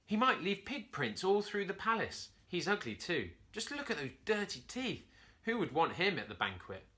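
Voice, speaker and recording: A man's voice: sits high, sing-song, a little fast, sharp tone, voice pushed up, full character voice. A man voicing a small, eager male monkey messenger who stammers when flustered. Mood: scornful.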